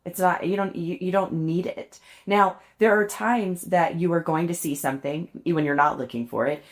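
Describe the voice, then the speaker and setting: A woman's voice: fairly low pitch, normal speed. A woman co-hosting a podcast, telling stories in casual chat, laughing often and poking fun at herself. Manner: chatty, laughs often, self-deprecating storytelling. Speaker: podcast co-host.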